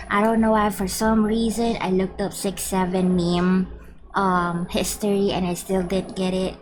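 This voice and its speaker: A woman's voice: medium pitch, little pitch movement, normal speed, noisy background. A young woman from the Philippines chatting playfully and giggling with her stream viewers, reading their messages aloud. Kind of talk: casual live-stream chat with viewers. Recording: background music under the voice. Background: background music.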